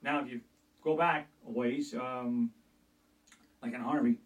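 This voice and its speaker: A man's voice: mid-range voice, fairly even intonation, measured pace, distant mic, rough recording. A man doing a comedy routine of voice impressions, talking through his asides in a hesitant, rambling way.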